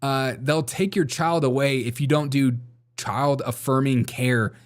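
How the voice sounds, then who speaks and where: A man hosts a casual political commentary show, reading out viewer comments with sarcasm and frequent laughter. He has a medium-pitched voice and talks a little slowly.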